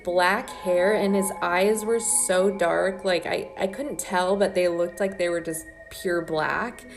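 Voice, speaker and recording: A young woman casually telling a personal ghost story to her viewers, chatty and earnest, with lots of "like". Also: lowish voice.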